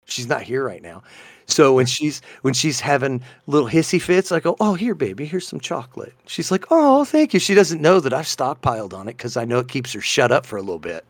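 Lively, animated man telling a story. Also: mid-range voice, brisk, dry recording. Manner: animated storytelling, acting out both sides of conversations. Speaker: podcast co-host. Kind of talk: casual chat.

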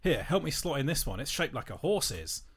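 A man's voice: medium pitch, very animated, moderate pace, heavy background noise, lightly acted. Leering potato toy voiced by a man, laid-back, coaxing, soothing.

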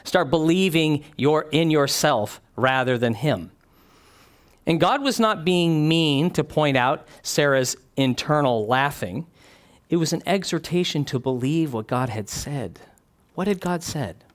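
A man preaching a sermon, animated, dropping his voice low and soft when he acts out quoted lines. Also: unhurried.

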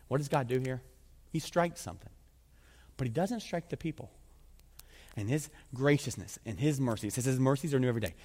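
A man preaching a sermon in a conversational, animated way that often drops to a low, intense voice. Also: fairly quick, long pauses, in a large hall. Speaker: pastor.

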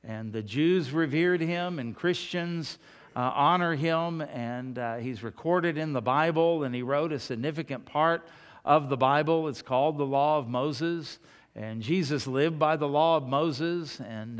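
A man's voice: on the high side, big-room sound. A male pastor giving a sermon in a folksy, chatty way, telling homespun stories and joking with the congregation.

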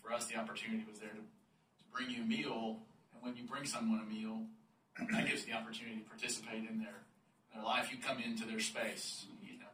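A man speaking in a measured, reflective way as a church friend giving testimony. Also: on the low side, flat delivery, pushed and bright. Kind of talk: personal testimony. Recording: roomy, distant mic, faint noise.

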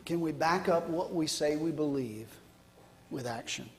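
A man preaching a sermon as pastor, swinging from loud declarations to hushed line endings. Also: fairly high pitch, measured pace, a little hiss or hum. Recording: echoey hall.

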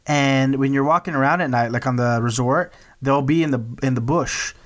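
A man's voice: mid-range voice, moderate pace. A man co-hosting a podcast, talking casually with a joking, teasing manner. He rambles through anecdotes with easy, loose delivery. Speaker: podcast co-host.

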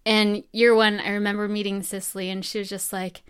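Smooth-voiced young woman telling a rambling story. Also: medium pitch, level tone, moderate pace. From New Mexico. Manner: rambling, laughs often, acts out quotes. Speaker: medical student interviewee. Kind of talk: casual personal storytelling.

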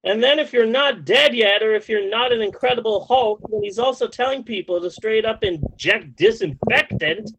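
A man with a high-pitched voice rants in a casual podcast chat. He swears freely and sounds exasperated. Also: moderate pace, vocal fry, few pauses, fairly bright tone, muffled recording, slight background noise. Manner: profane, exasperated ranting.

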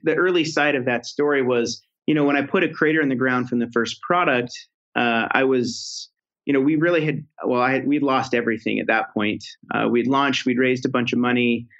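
A man's voice: medium pitch, steady tone, brisk, fairly bright tone. A man telling his career story as a podcast guest, with a loose, rambling way of talking full of fillers and restarts. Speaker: podcast guest, product executive. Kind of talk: conversational interview storytelling. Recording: slightly dull lo-fi audio.

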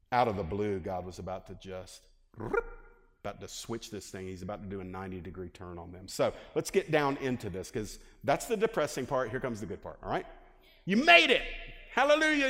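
A male pastor preaching a lively sermon and asking his congregation questions. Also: fairly low pitch. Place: church hall. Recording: long hall reverb.

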